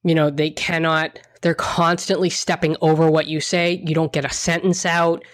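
A woman's voice: low-pitched, flat delivery, normal speed, no room sound, studio quality. Frank, emphatic woman chatting. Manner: emphatic, frank, mildly profane, rambling with restarts. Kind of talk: casual chat.

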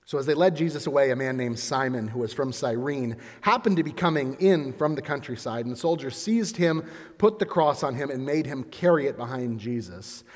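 A man giving a lively, dramatic retelling of a scripture story, with conversational asides. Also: mid-range voice, brisk, long reverb tail.

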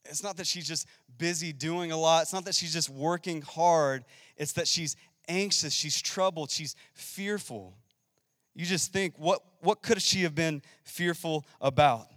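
A man preaching a sermon, emphatic, swinging between loud and hushed. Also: a little high, steady tone, moderate pace, dry recording, studio quality, big-room sound. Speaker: pastor.

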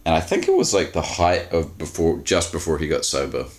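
Very deep-voiced male podcast co-host, rambling and casual. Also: huge pitch swings, brisk. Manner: rambling anecdotes full of fillers. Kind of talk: casual chat.

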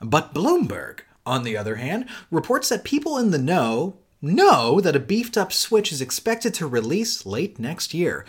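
A man co-hosting a casual gaming podcast, his voice sitting a little high and swinging widely as he talks. He swears freely and laughs often, keeping the chat loose and animated. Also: unhurried, hardly any pauses, husky. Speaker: podcast co-host.

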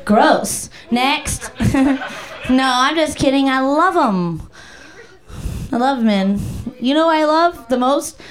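A woman with a high-sitting voice speaks slowly while doing crowd-work stand-up on a comedy club stage, handheld mic in hand. She's brash, profane and playful, and she bursts into song.

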